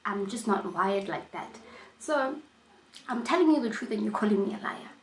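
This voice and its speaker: A woman vlogger telling a personal story in a casual storytime chat, animated and emphatic, often repeating herself. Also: medium pitch, normal speed, roomy sound, slight background noise, low-quality recording.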